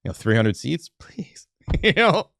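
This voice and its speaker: A comedian from New York talking casually about his plans as a podcast guest, with a chatty manner, frequent laughs and quick restarts. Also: a little high, huge pitch swings, creaky, a bit bright, dry recording, studio quality.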